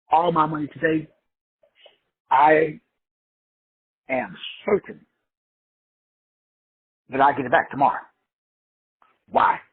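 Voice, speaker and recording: Casting: high, husky-voiced man from Texas, slangy motivational preacher, lo-fi call audio. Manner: emphatic, repetitive, slangy and profane. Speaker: teacher leading an online call. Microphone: online call. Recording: phone-like lo-fi audio.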